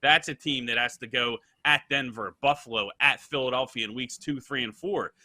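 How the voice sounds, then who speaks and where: A man as a guest analyst, breaking down a football schedule in a measured way. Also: medium pitch, sharp tone, no room sound. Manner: measured, breaks down a schedule with "you know" fillers. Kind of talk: analytical sports talk.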